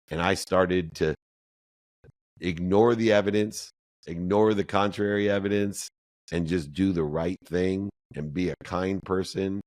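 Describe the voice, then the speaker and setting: A very deep-voiced middle-aged man speaks as a podcast guest, recounting his story with lively, animated delivery. He acts out the people in his tale by raising his voice. The sound is close and dry, with no room echo. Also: unhurried. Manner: animated storyteller, acts out quoted dialogue in a higher voice. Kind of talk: storytelling interview answer.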